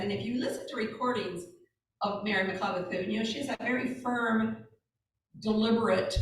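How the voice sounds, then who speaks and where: A woman guest speaker telling stories to a church audience in a chatty way, with many asides. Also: medium pitch. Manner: chatty, warm storytelling with asides and fillers. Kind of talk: informal talk to a congregation. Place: church hall. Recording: echoey hall, speaker far from mic.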